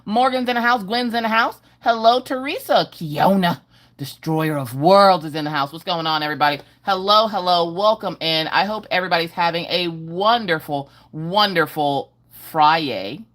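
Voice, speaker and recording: A woman's voice: fairly low pitch, moderate pace, hardly any pauses, a bit bright. A middle-aged woman hosting a casual livestream from home, greeting viewers by name in a sing-song way. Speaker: livestream host.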